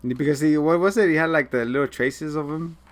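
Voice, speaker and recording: A man's voice: on the high side, a little fast. A man co-hosting a casual podcast who recaps a TV episode in a loose, joking way, swearing and acting out the characters. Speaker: podcast co-host.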